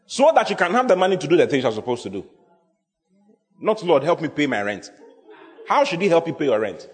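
A pastor preaching a sermon, emphatic and repetitive, often quizzing the congregation. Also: male voice, on the high side, wildly swooping pitch, fast talker, soft background music. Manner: emphatic, repeats key phrases, asks the congregation questions. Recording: long hall reverb.

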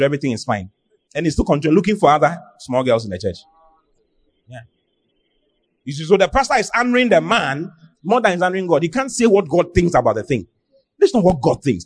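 A man's voice: fairly high pitch, breathy edge. A man preaching a sermon, emphatic, repeating phrases and firing rhetorical questions at the congregation. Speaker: pastor.

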